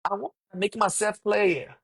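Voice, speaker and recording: Man, husky and gravelly, emphatic casual retelling. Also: high voice, steady tone, moderate pace, fairly bright tone. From Liberia. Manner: repetitive, emphatic retelling of conversations. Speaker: online commentator. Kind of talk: casual storytelling monologue.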